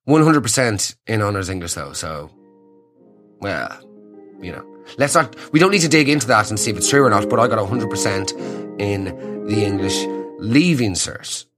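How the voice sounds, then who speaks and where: A man's voice: fairly low pitch, lively intonation, normal speed, over music. An Irish man hosting a comedy podcast, ranting sarcastically and riffing on listener messages. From Ireland. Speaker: podcast host. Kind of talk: comedic rant.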